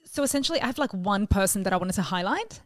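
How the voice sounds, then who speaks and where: A woman's voice: medium pitch, animated, fast talker, no echo, clean studio sound. A woman co-hosting a casual podcast chat, rambling and self-mocking, trailing off mid-sentence. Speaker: podcast co-host.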